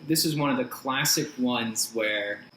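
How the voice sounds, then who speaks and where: A male podcast host leads the interview at a slow, halting pace and often restarts his sentences. His voice sits in the middle range, and the recording is roomy with faint hiss. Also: mid-range voice.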